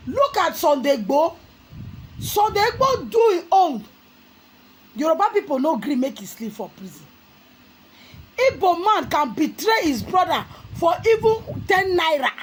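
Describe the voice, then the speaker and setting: Nigerian woman, vlog commentator, fiery, scolding, high voice, lively swooping delivery. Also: low-quality recording. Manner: fiery, scolding, often shouting. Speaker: commentary vlogger. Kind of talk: impassioned political commentary.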